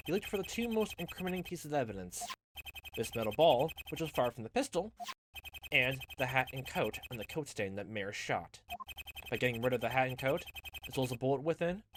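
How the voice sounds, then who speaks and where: A man voicing a confident young male defense attorney, accusing a witness in a forceful courtroom manner, over game music. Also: medium pitch, background noise, natural voice.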